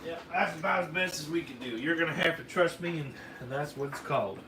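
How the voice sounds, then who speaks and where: High-voiced man in a put-on Southern drawl. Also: brisk. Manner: folksy, joking, rambling. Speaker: fireworks video host. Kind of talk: casual hands-on demonstration. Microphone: camera mic, filmed by a camera operator. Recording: roomy, distant camera audio with faint noise.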